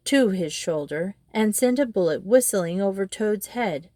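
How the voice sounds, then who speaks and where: A woman reading a children's storybook aloud in a steady, expressive way. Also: mid-range voice, unhurried, dry recording, studio quality. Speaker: storybook reader. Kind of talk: storybook narration.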